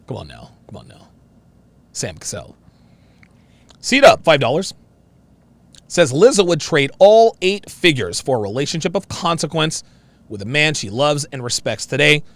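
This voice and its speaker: A man hosts a live show and reads viewer messages in a distinctive, animated voice that jumps from high to low. His tone has a gravelly fry in it. The sound is dry and close, with little room around it. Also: normal speed, pauses often, no room sound. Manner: swings between very high and very low inflections. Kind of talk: live-stream commentary.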